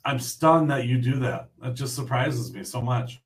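A man's voice: mid-range voice, moderate pace. Easygoing male host, slightly distant mic. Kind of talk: casual interview chat.

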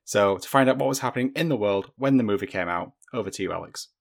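British man, low voice, podcast co-host, dry wry remarks. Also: fast talker, vocal fry. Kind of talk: casual podcast chat.

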